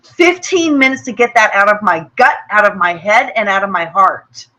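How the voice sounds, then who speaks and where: A woman's voice: medium pitch, animated, normal speed, bright, forceful tone, poor audio. A woman hosting a motivational webinar, talking in an earnest, personal way, often repeating words and checking in with "okay?". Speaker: webinar host.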